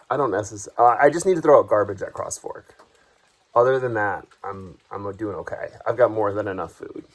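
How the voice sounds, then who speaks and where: Tired, wry man vlogging on the trail. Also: fairly low pitch. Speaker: hiking vlogger. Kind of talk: casual trail vlog. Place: outdoors on a forest trail.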